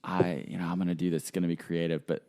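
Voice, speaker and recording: A young man hosting a podcast, telling a story in casual chat and acting out the people he quotes. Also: racing. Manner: animated storyteller who acts out quotes in a higher voice. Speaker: podcast host.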